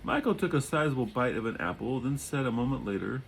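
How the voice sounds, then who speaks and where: A man reading a chapter of his own novel aloud at home, adding relaxed asides and often repeating or correcting words. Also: mid-range voice, fast talker, creaky, few pauses, a little hiss or hum, rough recording. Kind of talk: audiobook reading with casual asides. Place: home during a thunderstorm.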